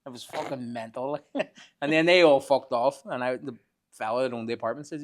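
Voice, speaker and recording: A man's voice: mid-range voice, brisk. Swearing man telling rambling stories. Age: 40s. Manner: profane, laughing, rambling anecdotes. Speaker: podcast guest. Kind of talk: casual storytelling.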